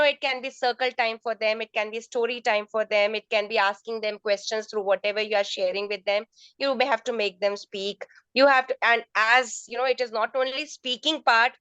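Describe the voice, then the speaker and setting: A woman's voice: on the high side, steady tone, brisk, fairly bright tone, clean tone, no room sound, dull audio. A woman answering teachers' questions in an online training session, explaining step by step and often restarting her phrases. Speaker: resource person, teacher trainer. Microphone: video call.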